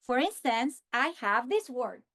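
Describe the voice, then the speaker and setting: Woman, high voice, teacher trainer, deliberate modeling of a lesson script. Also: big pitch swings, fairly bright tone. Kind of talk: instructional walkthrough.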